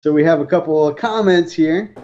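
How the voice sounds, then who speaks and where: A man co-hosting a live stream, reading viewer comments in a relaxed, easygoing way. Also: on the high side, brisk, dull audio. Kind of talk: casual chat on a live stream.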